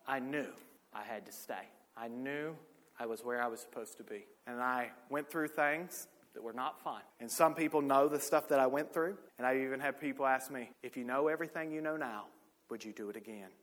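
A man preaching a sermon, telling a personal story, with big swings from loud, raised lines down to quiet, hushed ones. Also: medium pitch. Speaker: pastor. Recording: long hall reverb.

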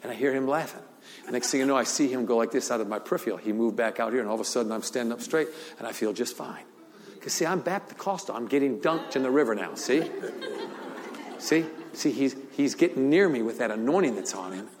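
A man's voice: mid-range voice, animated, a little fast. An older man preaching a sermon, telling a story with frequent laughter and repeated words. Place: large church hall. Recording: long hall reverb.

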